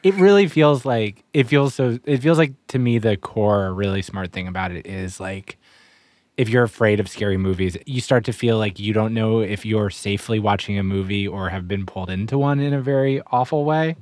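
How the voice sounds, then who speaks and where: A man co-hosting a podcast in casual chat, self-deprecating and halting, with frequent restarts. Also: on the low side, darkish tone, no echo. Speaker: podcast co-host.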